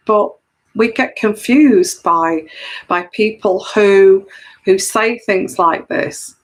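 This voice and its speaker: An intuitive tarot reader talks earnestly to camera in a solo monologue of personal commentary, explaining her point and often repeating phrases for emphasis. Her voice is medium-pitched and slow, and the recording is rough.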